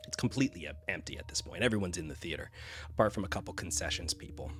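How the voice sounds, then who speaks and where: Game master: low-pitched man, casual narration over faint music. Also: animated, fast talker, a bit bright. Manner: casual with frequent fillers.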